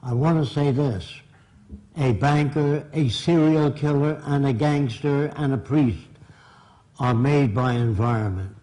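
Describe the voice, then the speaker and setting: Older man, blunt lecturer to a live audience, mellow tone, plain-spoken. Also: mid-range voice, unhurried, low-quality recording. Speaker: seminar speaker. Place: seminar room.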